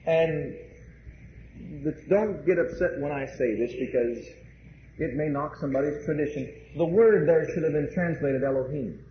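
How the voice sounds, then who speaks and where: A man's voice: fairly high pitch, normal speed. A male pastor preaching a sermon, emphatic, repeating key phrases and addressing the congregation directly. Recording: roomy, dull, faint hiss.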